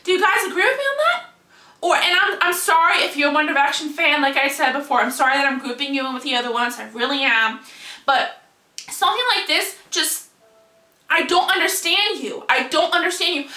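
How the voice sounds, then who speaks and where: A woman's voice: sits high, fairly quick, pushed and bright, roomy sound. A young woman giving an indignant, heated rant in a video monologue, firing off rhetorical questions. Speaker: vlogger.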